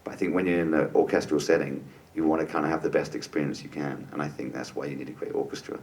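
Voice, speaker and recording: A man, a composer on a panel, talking casually and relaxed about his work. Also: a bass voice, fast talker, far from the mic.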